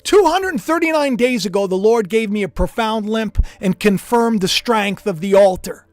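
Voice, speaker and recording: Male livestream preacher, animated and emphatic, dry voice over faint music. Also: sits high, normal speed, dry recording. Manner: emphatic, swings from hushed to shouting. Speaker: preacher streaming live.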